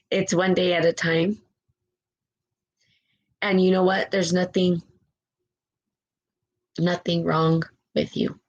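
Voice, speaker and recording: The audio is dull, and the woman speaks extremely slowly with long pauses in a lowish voice with little pitch movement. She's giving a fervent, emotional motivational talk on a spiritual live stream, reading viewer comments, close to tears, repeating phrases and asking "right?".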